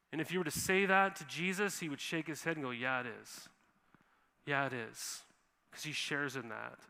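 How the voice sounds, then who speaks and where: A man's voice: a little high, sharp tone. A male pastor from Montana preaching a sermon in a casual, conversational way, often acting out quoted voices. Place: church sanctuary. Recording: long reverb of a church hall.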